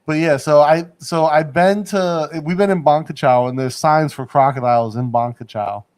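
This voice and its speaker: A man's voice: a little high, moderate pace, a little mellow. A man hosting a casual livestream chat from a studio in Bangkok. He rambles, laughs often and hedges his points. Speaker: livestream host.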